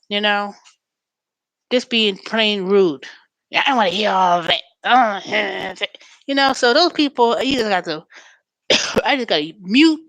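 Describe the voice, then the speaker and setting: A woman hosting a show in a chatty, storytelling way, turning animated when she quotes callers. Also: medium pitch, unhurried, no echo. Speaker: host. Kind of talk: casual chat.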